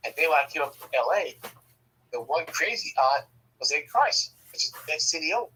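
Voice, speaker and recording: A man telling a family story casually, profane and animated, often laughing. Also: fairly high pitch, fairly quick, slight background noise, rough recording.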